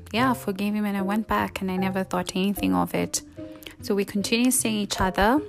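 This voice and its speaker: Young woman telling her story straight, chatty, faint music behind. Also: medium pitch. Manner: candid, conversational, drops to soft whispers at hard moments. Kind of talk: personal storytelling.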